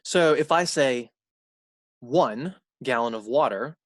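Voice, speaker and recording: A man's voice: medium pitch, lively intonation, slow, a bit bright, no room sound, clean studio sound. A man teaching a recorded college math lecture in a conversational way, repeating key points and correcting himself aloud.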